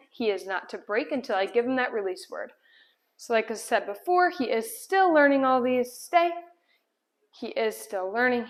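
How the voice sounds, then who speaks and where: A woman dog trainer explaining a puppy's sit and down stays while giving him firm commands indoors. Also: on the high side. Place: indoor room at home.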